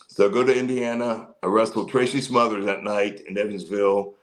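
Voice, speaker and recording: A man's voice: on the low side, fairly even intonation, normal speed, rough recording. Man telling long backstage stories. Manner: rambling, with many fillers and restarts; acts out quoted people in a livelier voice. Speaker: guest, former pro wrestler. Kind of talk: casual storytelling in an interview.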